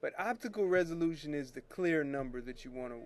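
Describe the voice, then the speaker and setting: Working at his computer in a casual screen-share tutorial, the host of a photo retouching show rambles chattily about scanner settings and keeps correcting himself. His voice is fairly high and expressive, and he talks a little fast.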